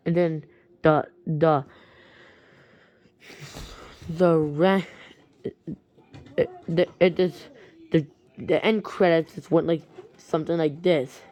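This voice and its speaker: A woman casually retelling a strange story, halting often and restarting her sentences. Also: sits low, warm tone. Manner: halting, with many restarts and repeated words.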